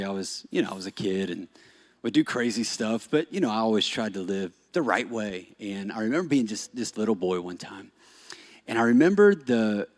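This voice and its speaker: A man preaching a sermon as pastor, shifting from animated emphasis to soft-spoken storytelling. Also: medium pitch. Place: church stage.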